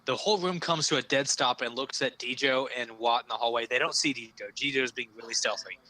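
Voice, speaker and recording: A man running a tabletop game as game master, narrating casually with many fillers and pauses. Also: mid-range voice, bright, forceful tone, poor audio.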